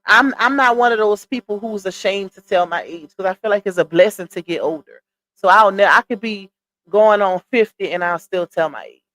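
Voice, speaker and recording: A woman's voice: medium pitch, normal speed. Southern woman in her thirties, talkative live stream host, chats with viewers casually. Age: 30s. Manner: chatty, shouts out viewers by name, reads comments aloud; laughs often, Southern slang like "child" and "y'all".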